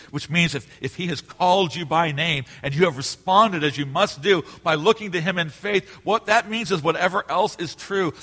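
A middle-aged male pastor preaching a sermon, earnest, moving between loud emphasis and hushed, quiet passages. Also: a little high. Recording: long reverb of a large hall.

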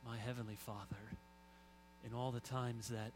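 A middle-aged man preaching a sermon, telling stories and swinging from soft asides to loud emphasis. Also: medium pitch, flat delivery, normal speed, slight background noise, poor audio. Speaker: pastor.

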